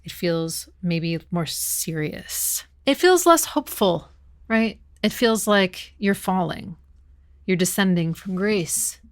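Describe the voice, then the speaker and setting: A woman's voice: fairly low pitch, animated, slow pace. A woman hosting her channel, chatting enthusiastically through a music analysis and humming short snippets as she explains. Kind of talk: casual music analysis commentary.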